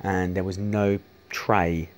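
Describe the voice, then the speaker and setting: A man's voice: low voice, little pitch movement, slow pace. A man chatting casually to camera, rambling with many restarts and casual swearing. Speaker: vlogger showing arcade machines.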